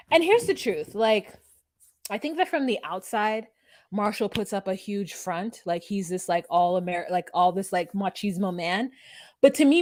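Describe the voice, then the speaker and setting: A woman co-hosting a casual podcast, retelling scenes with lively quoted voices. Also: mid-range voice, no room sound. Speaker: podcast co-host recapping a reality show. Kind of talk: casual chat.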